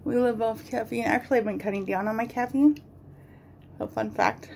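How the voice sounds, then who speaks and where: Rambling, gravelly-voiced woman vlogger. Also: a little high, fairly even intonation, moderate pace, a little mellow, slight background noise. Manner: rambling, chatty, swears casually. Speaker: beauty vlogger. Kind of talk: casual rambling chat while doing makeup.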